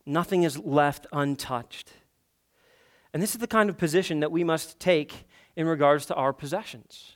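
A pastor preaches a sermon in a fairly high voice at a normal speed. He builds toward emphatic, impassioned peaks and poses rhetorical questions to the congregation.

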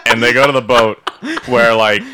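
A young man casually recapping a show for his friends, rambling and profane, slipping into quick character voices. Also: medium pitch, fairly even intonation, noisy background. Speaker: podcast co-host recapping a show. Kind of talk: casual chat.

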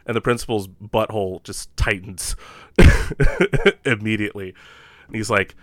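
A man's voice: lowish voice, moderate pace, no echo. A man co-hosting a casual podcast from home, rambling with enthusiasm and lots of fillers. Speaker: podcast co-host. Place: home room.

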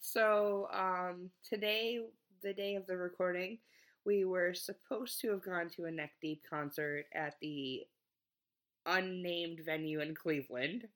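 High-pitched, smooth, and fairly bright, this man's voice moves a little slowly as he co-hosts a comedy podcast. The chat is casual, and he keeps giggling and hesitating with many ums.

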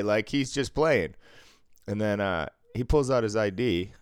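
Profane Boston man, deep voice. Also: unhurried, smooth, no echo, studio quality. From Cambridge, Massachusetts. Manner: profane, animated storytelling. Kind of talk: casual chat.

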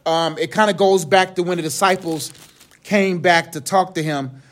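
High-voiced young man preaching casually. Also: steady tone, moderate pace, a bit bright. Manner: slangy, joking, conversational. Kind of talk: casual sermon.

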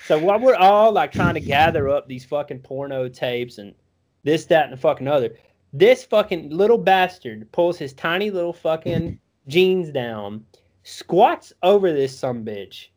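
A man's voice: on the high side, lively intonation, measured pace, darkish tone. A young man telling a rambling, profanity-laden story in a casual drawl.

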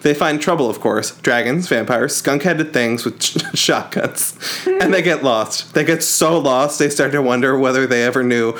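A man hosts a relaxed book podcast in a playful, joking way. He reads a book blurb aloud and breaks off into laughs. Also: mid-range voice, normal speed. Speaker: podcast host. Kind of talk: casual book chat.

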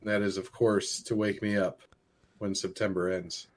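A man co-hosting a casual podcast, trading dry, deadpan jokes. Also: lowish voice, normal speed. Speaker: podcast co-host.

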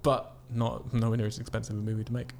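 A man hosting a casual podcast, joking and running quickly through a list. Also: mid-range voice, little pitch movement, vocal fry, darkish tone, a little hiss or hum. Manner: quick, jokey, rattles off lists. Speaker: podcast host.

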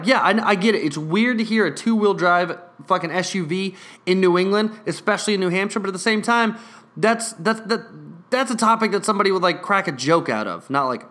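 A young man rants through a story in a bright, somewhat high voice, swearing constantly and tripping over repeated words. His retelling is irritated and sarcastic throughout. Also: a little fast. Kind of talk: profane storytime rant.

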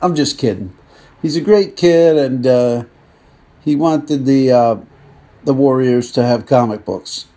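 Mellow, medium-pitched and a little slow, this podcast host wanders through a loose comic monologue, drifting into joking rants along the way.

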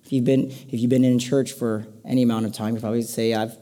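A man's voice: medium pitch, flat delivery, fast, warm tone. A man preaching a casual, conversational sermon to a congregation, with playful asides. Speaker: pastor.

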